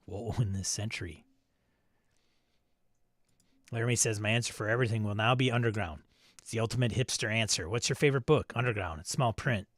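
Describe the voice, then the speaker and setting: A chatty male live-stream host reads viewer comments aloud in casual conversation, chuckling and riffing on them. His voice is fairly low and a bit bright, he talks fast, and the recording is dry with no room sound.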